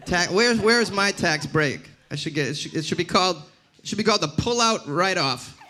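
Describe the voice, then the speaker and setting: Male comic in his 30s, sarcastic ranter, high bright voice. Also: lively intonation, normal speed, a little hiss or hum. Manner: sarcastic, ranting, talks back to the crowd. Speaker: stand-up comedian. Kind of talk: stand-up comedy set. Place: comedy club stage.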